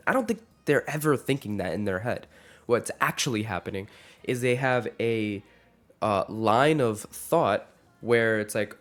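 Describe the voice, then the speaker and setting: A man's voice: medium pitch, lively intonation, normal speed. A man in his twenties giving an earnest, rambling vlog rant to camera, with frequent restarts. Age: 20s. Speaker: vlogger.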